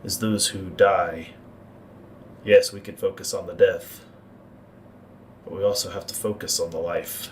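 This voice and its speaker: A deep, grave court Maester, as a man puts him on, weighing every word with slow, ominous pauses. He is cold and scheming, and there is a faint hiss of noise behind him in this tabletop game. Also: fairly even intonation, distant mic, poor audio. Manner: measured, ominous, deliberate pauses.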